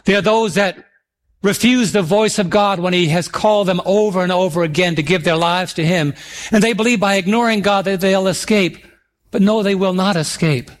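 A middle-aged man delivers a sermon in a notably high voice. He slows right down to draw out scripture verses with emphasis and prompts his listeners to respond. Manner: emphatic, drawn-out scripture reading; calls for audience responses. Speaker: preacher.

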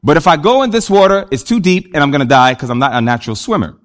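Sly fable scorpion, put on by a male preacher, smooth and persuasive, quick delivery. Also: fairly high pitch, sing-song, voice pushed down. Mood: coaxing.

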